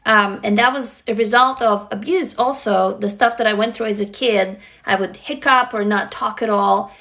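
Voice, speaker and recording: A woman's voice: medium pitch, steady tone, moderate pace, a bit bright. A woman, hosting a casual livestream, talking frankly and affectionately to viewers and greeting commenters, with occasional swearing. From Russia. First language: Russian. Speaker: livestream host.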